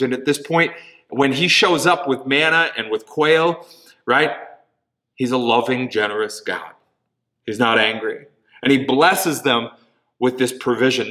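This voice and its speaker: A man preaching a sermon as pastor, earnest and conversational, often repeating words and dropping to quiet asides. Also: medium pitch. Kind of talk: sermon with object lesson.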